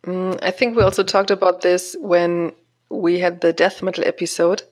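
Flat-voiced woman podcast co-host. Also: lowish voice, normal speed. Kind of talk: casual chat.

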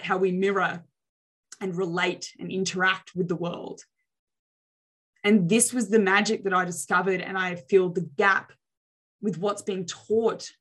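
Speaking at a medium pitch, a young adult woman coaches on social skills during an upbeat motivational talk. She acts out how people react, exaggerating her expressions for effect.

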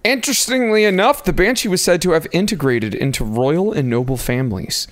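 A man's voice: a little high, animated, brisk, dry recording. A man co-hosting a podcast, reading out notes in casual chat with wry, self-deprecating asides. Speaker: podcast co-host.

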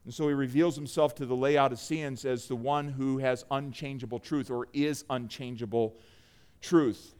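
A middle-aged man preaching a sermon in a church, emphatic and swinging between loud and quiet. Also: mid-range voice, steady tone, normal speed, clean tone. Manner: emphatic preaching, rising and falling in volume. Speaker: pastor. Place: church sanctuary.

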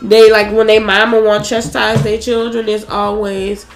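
Creaky-voiced woman in her thirties, blunt. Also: mid-range voice, little pitch movement, moderate pace, soft background music. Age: 30s. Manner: blunt, profane storytelling. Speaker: podcast co-host. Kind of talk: casual chat. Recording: echoey room.

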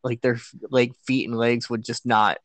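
A man's voice: medium pitch, level tone, moderate pace, no echo. A man chatting as a guest on a podcast, hesitant and full of fillers, often laughing as he recalls things. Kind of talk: casual chat.

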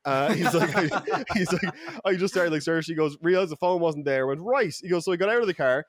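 A man with an Irish accent telling a story on a podcast in a lively, profane way, acting out the people he quotes. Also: on the high side, fairly quick, a crowd in the background. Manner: animated, profane, quotes people in mock voices. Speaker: podcast regular. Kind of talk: casual storytelling. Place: podcast studio.

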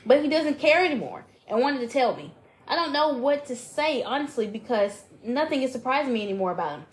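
A woman podcast co-host with a fairly high voice. She reads a listener's email dramatically, then gives blunt, profane advice in a casual tone. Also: animated, a little fast, rough recording.

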